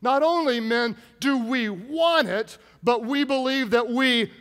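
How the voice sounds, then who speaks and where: A man preaching a humorous sermon to his congregation, joking and telling stories with lively asides. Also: very high-pitched, slow. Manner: jokey, animated storytelling with asides to the congregation. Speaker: pastor. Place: large church hall. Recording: long hall reverb from a church.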